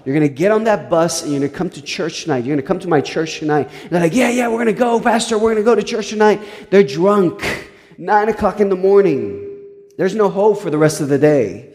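A man's voice: a little high, darkish tone, long reverb tail. A male pastor telling a story in a sermon, earnest, with frequent stumbling restarts.

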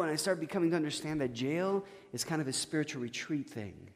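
A man preaching a sermon, telling a personal story in a conversational way, with stammered restarts and swings from loud to hushed. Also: a little high, lively intonation, fast talker, big-room sound. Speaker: pastor.

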